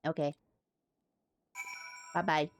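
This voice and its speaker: A woman's voice: deep voice, little pitch movement, takes it slowly, faint music behind. A woman streaming a fantasy game, chatting playfully and sarcastically between dialogue lines. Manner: playful, sarcastic, sings nonsense syllables. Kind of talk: casual gameplay commentary.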